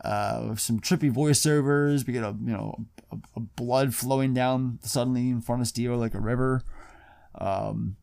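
A man's voice: mid-range voice, steady tone, moderate pace, gravelly, darkish tone, no echo, studio quality. A man co-hosting a casual film podcast, loosely retelling scenes with plenty of swearing. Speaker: podcast co-host. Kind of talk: casual film-review chat.

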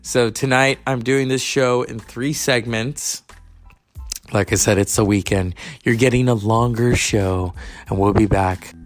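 A man from California hosts his podcast in a casual monologue, wandering through stories with profane, chatty side comments. His mid-range voice is steady and measured, with faint music in the background.

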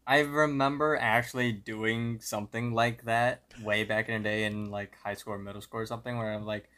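A man's voice: lowish voice, fairly even intonation, a little fast, bright, forceful tone. A young man co-hosting a podcast, easygoing, often trailing off and correcting himself. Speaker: podcast co-host. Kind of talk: casual chat.

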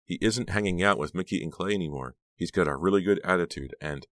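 A man's voice: deep voice, fast talker, fairly bright tone, no room sound. A man voicing a sarcastic, anxious teenage girl in an audiobook, raising his voice and speaking dryly. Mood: wry, uneasy. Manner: raised girlish voice, dry and uncertain.

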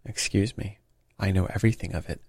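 A man voicing a confident detective who speaks in a crisp, assured, bland manner. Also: low voice, fairly even intonation, fairly quick, a little mellow, no echo, exaggerated voice. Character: brisk, confident male detective, bland and knowing.

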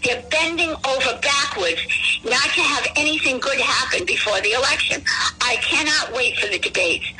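A woman's voice: high voice, moderate pace, low-quality recording. A woman calling a talk radio show, rambling and scornful about the people she disagrees with. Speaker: caller. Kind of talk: phone-in political talk.

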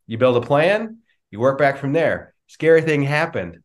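A middle-aged man, a business coach, answering interview questions with lively storytelling and acted-out dialogue over a video call. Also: medium pitch, moderate pace. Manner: animated storyteller, acts out quoted dialogue. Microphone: remote video call.

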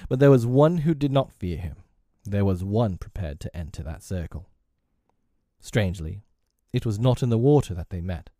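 A man with a low, dark voice reads a storybook aloud, swinging his tone with the drama of the scene. The recording is close and dry. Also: moderate pace, no echo. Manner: dramatic, animated reading. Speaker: audiobook narrator. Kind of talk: expressive storybook narration.

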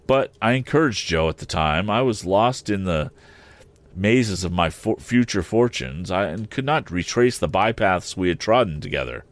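A man narrating an audiobook of a classic novel in a measured storytelling manner. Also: deep voice, expressive, no room sound. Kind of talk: scripted narration.

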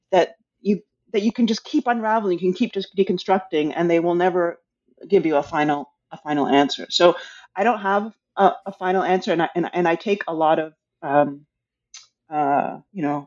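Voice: medium pitch, lo-fi sound. An author talking casually about their book, hesitant and thinking aloud, with many restarts. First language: English.

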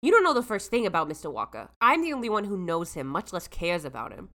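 A woman's voice: lowish voice, big pitch swings, quick pace, fairly bright tone. A woman voicing a skeptical, snarky teenage boy in a casual podcast read-through of a scene. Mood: sarcastic.

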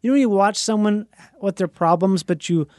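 A man's voice: sits high, fairly quick, a little mellow, no room sound. Playful American man chatting. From United States. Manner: playful, does voices. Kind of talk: casual chat.

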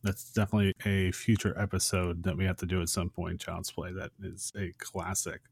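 A man's voice: sits low, level tone, a little fast, gravelly, slightly rough, dry recording. A man co-hosting a casual podcast, summarizing a film in a friendly way. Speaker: podcast co-host.

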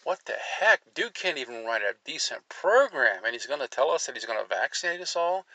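A man with a gravelly, creaky voice and a tense, sharp edge, hosting a commentary show. He reads articles aloud and keeps interrupting them with sarcastic remarks, his pitch leaping when he gets worked up. The recording is dry and close. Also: sing-song, brisk, no echo, rough recording. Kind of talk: opinionated political commentary, reading articles aloud.

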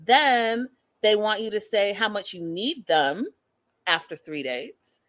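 A woman giving a casual, animated recap to her viewers, judgmental and chatty, addressing them directly. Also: mid-range voice, takes it slowly. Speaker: commentator.

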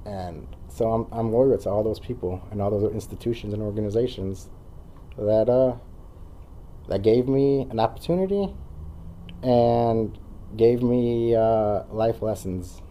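Earnest dark-voiced man guest. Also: fairly low pitch, measured pace, slight background noise. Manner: earnest, rambling with fillers. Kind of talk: casual conversation.

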